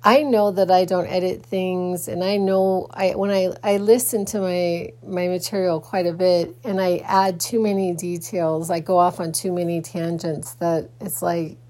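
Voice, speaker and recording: A woman's voice: lowish voice, little pitch movement, measured pace, hardly any pauses, dark tone. A woman podcaster talking in a casual personal vlog, rambling with many restarts and fillers, sleepy and yawning early in the morning.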